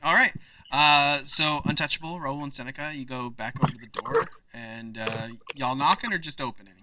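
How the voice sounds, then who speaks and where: A man narrating a tabletop game as game master, relaxed and rambling. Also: fairly high pitch, normal speed, far from the mic.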